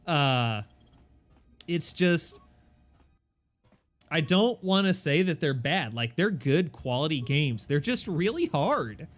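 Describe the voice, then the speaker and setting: Chatty, lively streamer guy at home. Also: a little high. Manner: chatty, self-deprecating, quick asides. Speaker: game streamer. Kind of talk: casual live-stream chat. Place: home apartment. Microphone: desk microphone.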